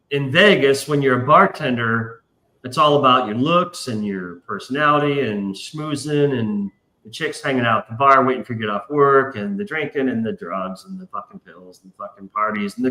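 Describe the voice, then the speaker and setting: A man's voice: medium pitch, lively intonation, moderate pace, sharp tone, echoey room. A man hosting a casual livestream chat, telling long rambling profane stories. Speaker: podcast host.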